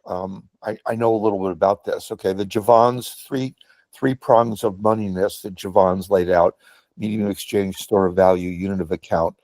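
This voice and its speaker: A man's voice: low-pitched, fairly even intonation, normal speed, darkish tone, no echo. A man in a meeting discussion, making his points emphatically and stressing key words. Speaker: meeting participant. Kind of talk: discussion comment.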